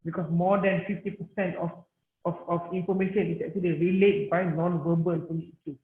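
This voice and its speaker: A man's voice: sits high, little pitch movement. A man with a Malaysian English accent, a paediatrics lecturer teaching online, mixing languages and restarting words often. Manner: code-switches, halting repetitions. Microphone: computer mic on a video call, camera off. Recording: tinny, echoey online call audio.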